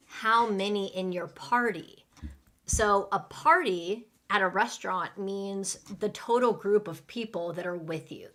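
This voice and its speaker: A woman teaching English in a live online class, speaking slowly and clearly and acting out restaurant phrases for learners to repeat. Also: mid-range voice, a bit bright. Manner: slow, clear teaching delivery with role-play lines.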